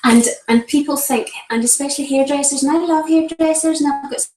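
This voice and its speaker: A woman's voice: high-pitched, a little fast, darkish tone. Chatty woman colour consultant in an echoey room. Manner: chatty, lots of ums and restarts. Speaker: colour analyst. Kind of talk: casual chat.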